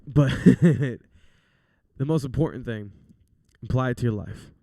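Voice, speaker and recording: A man's voice: medium pitch, measured pace, vocal fry, warm tone, dry recording, clean studio sound. A young man hosting a casual faith talk show, speaking in an earnest, chatty, encouraging way. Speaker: podcast host.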